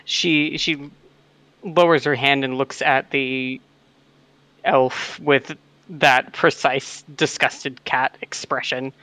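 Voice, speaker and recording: A man playing in a tabletop game, calmly describing his character's actions in a measured way. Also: mid-range voice, low-quality recording. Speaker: player.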